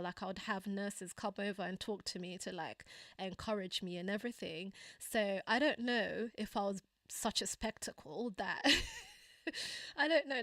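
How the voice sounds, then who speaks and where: A young woman telling a personal story on a casual livestream, with plenty of fillers and asides. She slips into a higher voice to act out quoted lines and laughs often. Her voice sits in an ordinary middle pitch, recorded close and dry. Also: dry recording. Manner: acts out quoted dialogue in a higher voice. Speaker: channel host.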